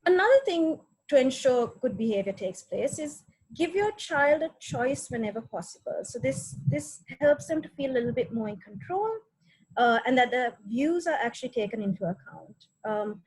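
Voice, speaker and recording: A woman's voice: a little high, lively intonation, normal speed, a little mellow, husky, poor audio. A woman giving a practical parenting webinar talk, offering example phrases and often checking in with "right?".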